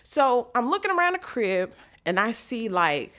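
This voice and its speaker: Woman w/ storytelling, animated, does all the voices. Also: on the high side, unhurried. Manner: animated, acts out quotes. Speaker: vlogger.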